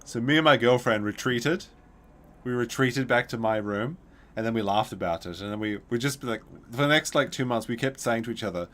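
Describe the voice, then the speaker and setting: While streaming a game, a man tells a long, rambling story in casual livestream style, full of restarts and asides. His mid-range voice is animated and fairly quick.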